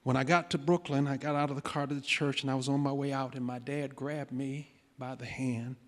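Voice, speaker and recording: A pastor telling a personal story in a sermon, dramatic, shifting between loud declarations and hushed moments. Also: male voice, mid-range voice, little pitch movement, brisk. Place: large church sanctuary. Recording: long church hall reverb.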